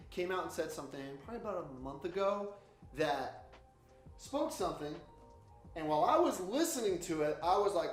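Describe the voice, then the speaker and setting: A man preaching a sermon series intro, animated and loud when he acts out his own reactions. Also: a little high, echoey room.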